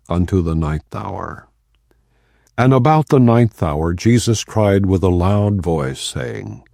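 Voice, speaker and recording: A man reading scripture aloud in a solemn, measured way, reading the quoted speech plainly rather than acting it. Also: sits low, creaky, dark tone, no room sound, clean studio sound. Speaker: Bible reader.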